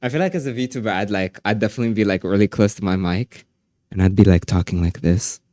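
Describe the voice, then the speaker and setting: A man's voice: lowish voice, quick pace, a little mellow, no room sound, studio quality. A man streaming live, chatting casually with his viewers, joking, laughing often and filling his talk with "like".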